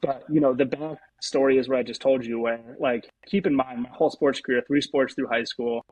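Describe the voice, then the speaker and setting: A young man, a pro baseball pitcher, telling a personal story as an interview guest, rambling with lots of fillers. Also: fairly even intonation, a little fast, a little mellow, husky, poor audio.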